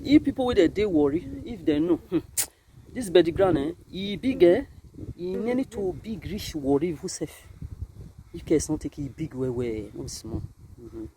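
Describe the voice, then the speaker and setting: Outdoors at a cemetery, a Nigerian woman vlogger speaks to her camera in a Nigerian Pidgin English accent, her low voice at normal speed amid crowd noise. Her emotional monologue swings between quiet grief and loud, animated outbursts.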